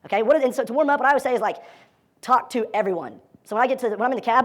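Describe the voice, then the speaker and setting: A man teaching a live dating seminar, energetic and profane, acting out quoted lines as he talks to his audience. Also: extremely high pitch, very fast.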